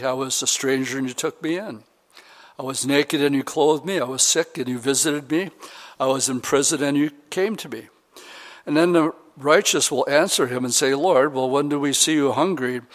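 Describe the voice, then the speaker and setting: A man's voice: medium pitch, long reverb tail. A man, a pastor, preaching a sermon to his congregation and reading scripture aloud with rising emphasis.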